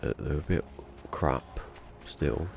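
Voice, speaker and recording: Deep, gravelly-voiced man chatting while streaming. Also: slow, noisy background. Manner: rambling, jokey self-talk. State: sniffly with a cold. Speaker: game streamer. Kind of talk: casual live-stream chatter. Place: small room at home.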